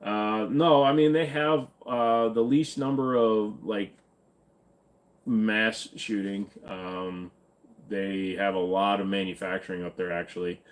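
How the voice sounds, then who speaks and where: A man's voice: lowish voice, steady tone, slow. Joking male livestream host. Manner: joking, reads viewer comments aloud. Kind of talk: casual livestream chat.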